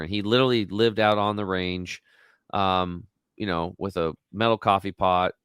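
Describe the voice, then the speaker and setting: A man's voice: lowish voice, fairly bright tone, clean tone, no room sound, clean studio sound. A man in his forties, a podcast guest telling stories in a casual, emphatic, rambling way with some blunt swearing. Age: 40s. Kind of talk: casual storytelling chat.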